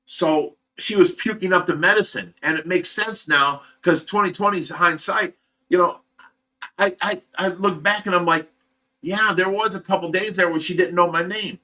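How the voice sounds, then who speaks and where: A man with an Ohio accent hosting a livestream, telling a long personal story in a rambling, animated way and acting out the voices of the people in it. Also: high-pitched, normal speed. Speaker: livestream host. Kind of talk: casual storytelling.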